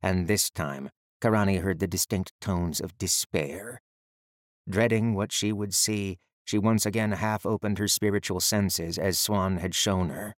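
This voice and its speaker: A man reading an audiobook in measured, even storytelling narration. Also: sits low, no room sound, studio quality.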